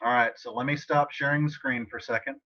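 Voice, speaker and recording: Guy teaching spanish on a video call, bright voice, kinda muffled audio, easygoing and chatty with his students. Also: medium pitch, steady tone, fast talker. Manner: casual, encouraging, talks to students by name. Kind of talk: online class tutoring session. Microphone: computer mic on a video call.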